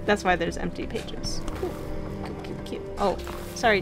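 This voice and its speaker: A woman's voice: mid-range voice, a little slow, gravelly. A young woman casually commenting on her game play, chatty and giggly, yawning between remarks. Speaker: gaming video host. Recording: game music behind voice.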